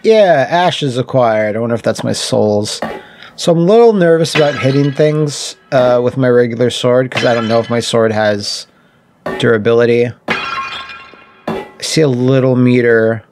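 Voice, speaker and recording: A man with a gravelly, mid-pitched voice chats his way through a video game. His commentary is wry and jokey, full of swearing and asides to the enemies on screen, while faint game music plays underneath. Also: a little slow. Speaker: gaming channel host. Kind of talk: casual let's-play commentary.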